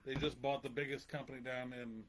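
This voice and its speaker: A man's voice: mid-range voice, flat delivery, fairly quick. A man co-hosting a casual podcast, laid-back, reading viewer comments aloud. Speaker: podcast co-host. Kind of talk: casual chat.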